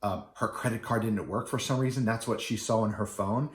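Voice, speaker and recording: A man's voice: fairly low pitch, steady tone, a little fast. A middle-aged man, a wedding DJ, casually telling a story with many fillers and restarts. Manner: rambling with many fillers and restarts, acting out quoted people. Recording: echoey room.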